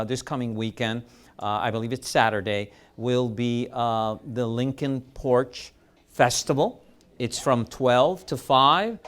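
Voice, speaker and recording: A man hosting a live variety show who makes loud, upbeat announcements to the audience. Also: medium pitch, smooth. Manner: loud, upbeat, emcee delivery. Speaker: show host.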